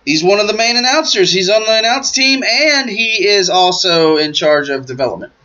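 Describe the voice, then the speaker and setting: A man's voice: sits high, lively intonation, normal speed, bright, forceful tone. A man co-hosting a casual chat, enthusiastic, joking and emphatic. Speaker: podcast co-host. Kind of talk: casual chat about pro wrestling. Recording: muffled lo-fi audio.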